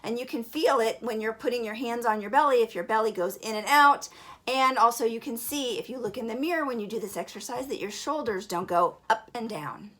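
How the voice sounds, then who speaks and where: A woman's voice: on the high side, fairly quick. A woman giving an upbeat breathing and singing lesson for children, encouraging and demonstrating as she goes. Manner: bright, encouraging, demonstrates breaths and sings alphabet. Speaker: vocal teacher for kids.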